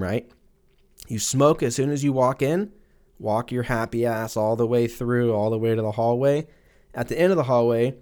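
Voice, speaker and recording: A man's voice: mid-range voice, a little mellow. A man hosting a podcast, riffing profanely in a loose, rambling comic monologue and acting out silly voices for imagined people. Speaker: podcast host. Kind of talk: casual comedic podcast monologue.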